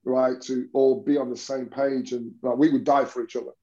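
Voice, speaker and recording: A man's voice: medium pitch, flat delivery, moderate pace, mellow, dull audio. A man, a basketball coach telling stories in an interview, rambling with many restarts. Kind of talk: conversational interview storytelling.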